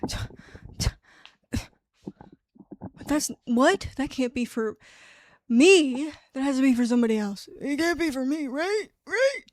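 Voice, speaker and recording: A woman's voice: sits high, lively intonation, takes it slowly, long pauses, a little mellow, no echo. A woman voicing an anxious young gay man who works as a caterer, stammering and disbelieving. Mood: flustered.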